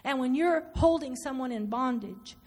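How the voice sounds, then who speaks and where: A woman preaching a sermon, animated and repetitive, acting out inner dialogue as she speaks. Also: sits high, normal speed. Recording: reverberant hall.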